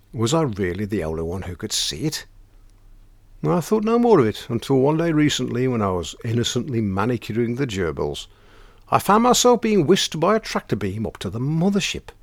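A man narrating a comic first-person tale in dry, deadpan, mock-grand wording. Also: lowish voice, creaky, dry recording. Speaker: storyteller.

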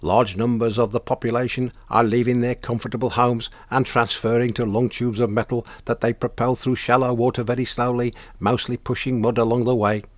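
A man's voice: medium pitch, little pitch movement, fairly quick, hardly any pauses, no room sound, lightly acted. A man voicing a male alien captor who reports in a stiff, formal put-on accent. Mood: earnest reporting.

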